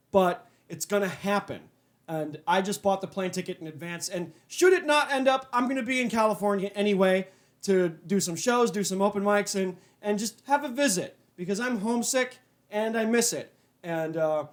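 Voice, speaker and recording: High-voiced man ranting casually. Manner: animated, profane, restarts and stammers when worked up; calms down to a low, mellow, drawn-out tone. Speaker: podcast host.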